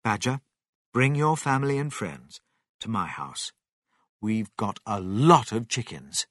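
A man voicing a clever, bold male fox in a storybook reading, speaking with eager emphasis, raised and loud. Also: on the low side, very animated, measured pace, no echo, studio quality, exaggerated voice.

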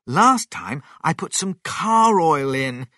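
A man's voice: on the high side, expressive, slow, bright, forceful tone, no echo, studio quality, pitched above the performer's own voice, heavily acted. A man reading a storybook aloud, voicing a thoughtful young boy who exclaims his ideas. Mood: eager.

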